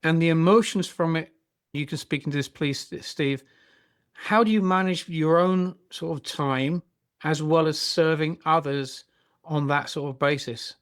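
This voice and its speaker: A man's voice: fairly high pitch, unhurried, smooth. A man hosting a podcast interview, speaking reflectively and asking long questions. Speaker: podcast host. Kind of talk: interview chat.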